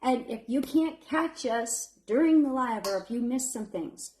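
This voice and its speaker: A woman's voice: a little high, expressive, unhurried, a little mellow, a little hiss or hum. A woman in her thirties hosting a live baking stream, chatty and encouraging, admitting she feels nervous. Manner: chatty and encouraging, calls viewers honey. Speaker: home baker hosting a live fundraiser bake. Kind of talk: casual live-stream chat.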